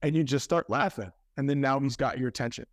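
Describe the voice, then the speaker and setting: Animated storytelling man on a podcast. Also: mid-range voice, no echo, studio quality. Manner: animated, with quick self-corrections. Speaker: podcast guest. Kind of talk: conversational storytelling.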